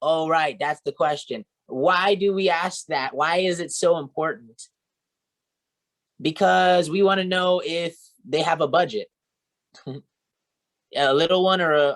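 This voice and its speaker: Slow, coaching male sales trainer. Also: fairly high pitch, a bit bright. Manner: coaching, repeats "right?" and "okay?". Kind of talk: training talk to a team.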